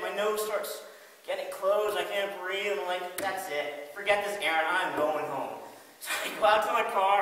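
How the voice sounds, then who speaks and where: A man telling a lively story about a bad day in a devotional talk, laughing and exasperated. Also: high voice. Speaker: ministry speaker. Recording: echoey distant room recording with faint hiss.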